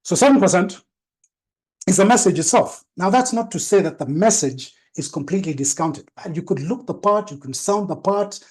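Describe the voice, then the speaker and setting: Guy giving a seminar talk, kinda higher voice, mellow, slows down to stress words. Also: animated. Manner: trained, deliberate delivery with varied tones and emphasis. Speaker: branding and presence trainer.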